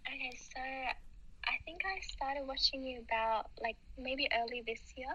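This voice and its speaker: A woman's voice: high voice, fairly even intonation, unhurried, highs cut off, a little hiss or hum. Giggly young woman calling in. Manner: giggly and soft-spoken. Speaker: caller. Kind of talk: phone call-in chat.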